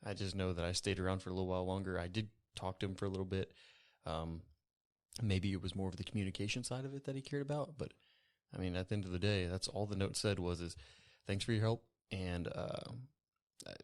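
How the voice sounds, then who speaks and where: Easygoing man, fairly low voice. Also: fairly even intonation, quick pace. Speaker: player. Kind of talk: in-character tabletop role-play.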